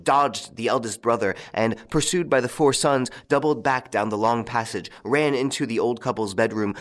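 A man narrating a classic story with a steady, measured reading. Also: lowish voice. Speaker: audiobook narrator. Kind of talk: scripted narration.

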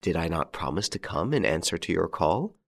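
A man playing a calm, masterful gentleman rescuer, courteous and commanding. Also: low voice, fairly quick, gravelly, exaggerated voice.

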